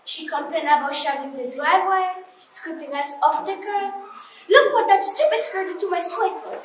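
A woman's voice: extremely high pitch, normal speed. A young woman acting a girl recalling childhood snow angels in a nostalgic stage monologue. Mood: wistful. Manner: nostalgic, storytelling. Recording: echoey hall from far off.

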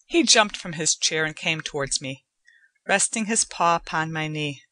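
A woman narrating a short story in a measured, unhurried storytelling manner. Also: low-pitched, animated, pushed and bright, no echo. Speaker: audiobook narrator. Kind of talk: scripted narration.

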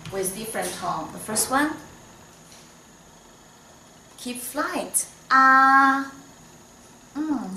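A woman's voice: medium pitch, fairly bright tone, recorded from a distance, a little hiss or hum. A woman from China with a Chinese accent, patiently teaching a Mandarin lesson in English and modelling the tones. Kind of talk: online language lesson. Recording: echoey room, voice slightly off-mic.

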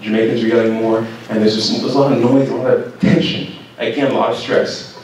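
Casting: young adult man, lively banquet keynote, roomy hall with faint noise. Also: medium pitch, fairly quick. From Canada. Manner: lively storyteller who acts out shouted quotes. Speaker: keynote speaker. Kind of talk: storytelling speech to students. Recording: very echoey hall, mic far off.

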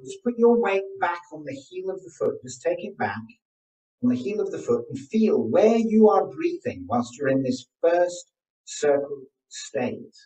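A man's voice: fairly high pitch, darkish tone. A man teaching a live online workshop as a presentation coach, coaching and often asking the audience questions. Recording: roomy sound, distant from the mic.

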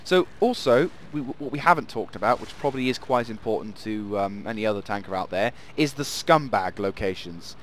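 A man's voice: lowish voice, animated, fairly quick, hardly any pauses, a little hiss or hum. A man hosting casual gameplay commentary, rambling and playful, often laughing. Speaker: gaming channel host.

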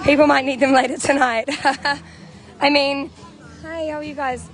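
A young New Zealand woman vlogs a walking livestream through an outdoor camp on a handheld phone, with music playing nearby. She's bubbly, chatty, and quick to laugh, though her high, slightly bright voice keeps a steady tone at an unhurried pace.

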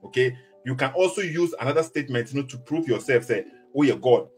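A man's voice: medium pitch, fast, a little mellow, faint music behind. A man with a Ghanaian accent teaching from the Bible in a preaching style, switching between Twi and English and reading verses aloud. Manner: mixes Twi and English, reads scripture aloud. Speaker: religious debater.

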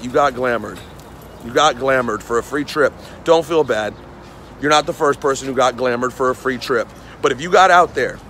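A man's voice: a little high, a bit bright, slight background noise. A man in his forties from New City, a radio host walking down a city street and scolding people in a heated rant, repeating lines for emphasis. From New York City. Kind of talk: angry street rant to camera.

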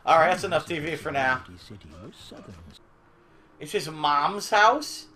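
A man streaming a video game who rants angrily and swears, with sudden loud outbursts. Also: fairly high pitch, huge pitch swings, slow pace. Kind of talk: live gameplay commentary.

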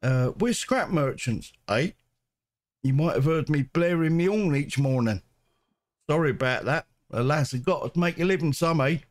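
A man's voice: a little high, expressive, moderate pace, close to an everyday voice. A man reading aloud a chatty northern male scrap merchant in a put-on Geordie accent, in a folksy, rambling way. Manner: folksy, rambling, read aloud from game text.

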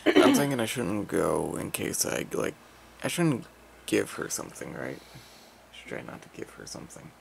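Gravelly young man, under the weather. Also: fairly low pitch, normal speed, a little hiss or hum. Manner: deadpan, teasing. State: feeling unwell. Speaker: family vlogger. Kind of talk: casual chat. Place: at home.

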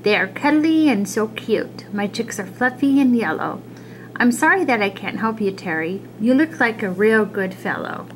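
A woman's voice: a little high, expressive, moderate pace, slight background noise, lightly acted, rough recording. A woman doing a kind mother hen.

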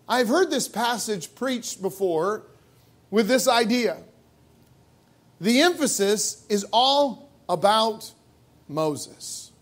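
A man's voice: sits high, expressive, a little slow. A male pastor preaching a sermon in a church, emphatic and full of rhetorical questions. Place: church sanctuary.

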